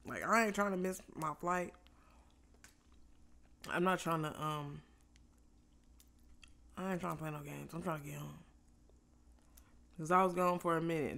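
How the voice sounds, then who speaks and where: Gravelly, bright-voiced woman vlogger. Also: deep voice, measured pace, long pauses. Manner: loose, profane storytelling with animated quoted exchanges. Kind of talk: casual story time while eating.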